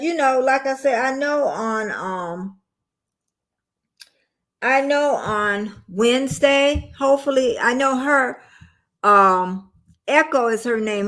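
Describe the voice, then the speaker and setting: A woman with a high, slightly bright voice chats casually with viewers on a phone livestream, rambling and addressing them as y'all.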